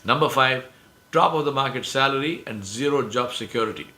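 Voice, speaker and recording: A man's voice: mid-range voice, brisk, pushed and bright, reverberant. A man giving a religious lecture to an audience, emphatic, repeating key phrases and asking rhetorical questions. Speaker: speaker giving a presentation.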